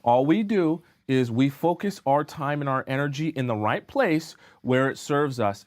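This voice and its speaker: Animated male dating coach on a live stream. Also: medium pitch. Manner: emphatic, keeps asking "right?" and "okay?".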